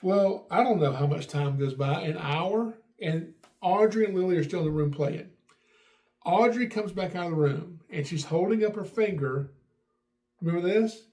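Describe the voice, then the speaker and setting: Animated man telling family stories. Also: high-pitched, moderate pace. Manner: animated, acts out quotes with raised voice. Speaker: podcast host. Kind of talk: casual storytelling.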